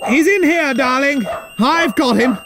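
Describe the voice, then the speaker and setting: A man's voice: very high voice, unhurried, noisy background. A man playing a pompous, impatient upper-class lord, in a comedy sketch.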